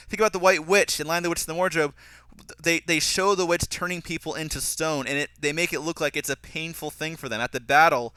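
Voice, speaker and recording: A young man giving a casual, critical film commentary, animated and mocking characters' lines as he goes. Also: fairly high pitch, clean tone, dry recording. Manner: animated, mocking voices when quoting characters. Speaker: film reviewer.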